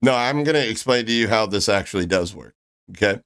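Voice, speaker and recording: A man hosting a live stream who argues in a measured, questioning way with dry sarcasm. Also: lowish voice, animated, fairly bright tone. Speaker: streamer host.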